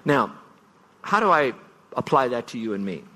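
A middle-aged man pastor delivers an earnest farewell sermon, telling stories and leaning hard on single words. His voice sits at an ordinary middle pitch. A long reverb trails each phrase through a large church sanctuary. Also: very animated, normal speed, sharp tone. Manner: earnest, storytelling, stresses words for effect.

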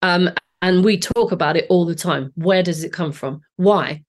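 A woman's voice: on the low side, normal speed. A woman in her late forties with a Southeast English accent, a singing teacher guest explaining her ideas with enthusiasm and frequent restarts. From Southeast England. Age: 40s. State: voice a bit off today. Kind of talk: podcast interview.

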